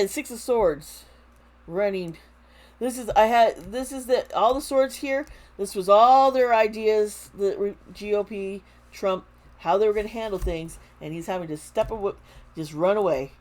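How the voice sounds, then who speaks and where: A woman giving a casual tarot reading to camera, talking slowly, with frequent restarts and fillers. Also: medium pitch, a little mellow. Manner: slow, halting, with many restarts and fillers. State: close to tears. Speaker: tarot reader.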